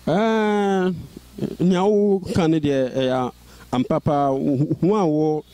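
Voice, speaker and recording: A man who stutters, repeating syllables and restarting words as he tells his story in an interview. His voice is mellow and a little high for a man. He keeps pushing on through the blocks. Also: takes it slowly, no room sound. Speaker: interview guest. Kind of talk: personal life-story interview.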